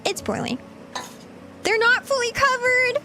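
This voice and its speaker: A woman's voice: very high voice, very animated, a little slow, bright, forceful tone, slight background noise. A woman streaming herself cooking, chatting flustered and giggly to her viewers. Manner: giggly, flustered, talks to chat while cooking. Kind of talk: casual livestream chat.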